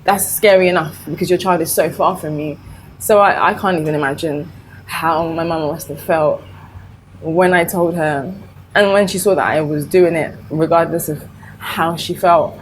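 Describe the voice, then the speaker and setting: A woman's voice: deep voice, steady tone, moderate pace, slight background noise, poor audio. A young woman vlogger talking casually and personally to camera, with lots of fillers and restarts. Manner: chatty, full of fillers and restarts; open and personal.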